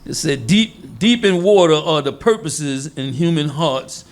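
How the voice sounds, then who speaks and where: A man's voice: a little high, expressive, unhurried. A man preaching in a casual, conversational way. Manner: informal, conversational, acts out quoted voices. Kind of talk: sermon teaching.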